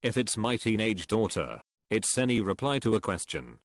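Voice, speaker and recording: A man reading online comments aloud in a slow, dry delivery. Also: on the low side, big pitch swings, slight background noise.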